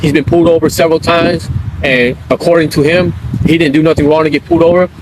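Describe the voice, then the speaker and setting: A man's voice: a little high, steady tone, fast, noisy background. A man streaming live, telling a personal story in casual street slang and often checking in with his listeners. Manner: street slang, keeps checking in with "right?" and "you feel me?".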